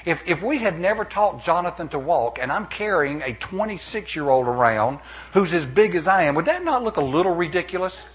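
A middle-aged man preaching a sermon as pastor, animated, with playful asides and acted-out quotes. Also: on the high side, a little fast, few pauses, breathy edge.

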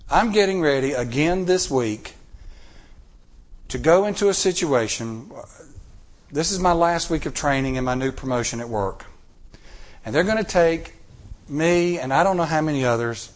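Middle-aged male preacher, lively storytelling sermon, fairly high voice. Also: a little slow, long pauses. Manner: animated, rising to emphatic peaks. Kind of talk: sermon with personal stories. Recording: recorded sermon tape.

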